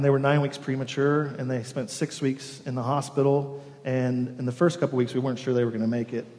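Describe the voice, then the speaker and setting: A man's voice: mid-range voice, dark tone. A pastor in his forties preaching a sermon, telling a story and dropping to a near-whisper on key words. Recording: long reverb of a church hall.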